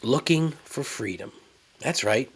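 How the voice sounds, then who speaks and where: Male podcast host, lively pitch, rambling and profane casual monologue. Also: unhurried, husky. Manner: rambling, profane, incredulous storytelling.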